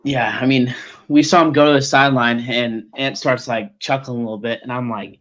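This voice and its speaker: A young man co-hosting a casual sports podcast, telling a story with excitement and quoting himself and his friend. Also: mid-range voice, a little fast, muffled recording. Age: young adult. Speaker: podcast co-host.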